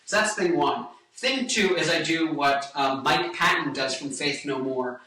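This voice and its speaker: A young man with a bright, forward voice chats loosely about singing and slips into quick sung lines between thoughts. He sounds a little away from the mic in a very echoey room. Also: fairly high pitch, distant mic. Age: 20s. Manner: rambling, jokey, breaks into song snippets. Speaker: singer and guitarist giving vocal tips. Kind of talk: casual vlog with sung demonstrations.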